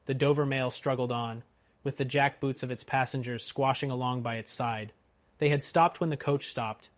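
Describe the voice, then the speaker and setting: A man narrating a classic novel as an audiobook in a steady, expressive reading. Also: medium pitch, dry recording. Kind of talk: scripted narration.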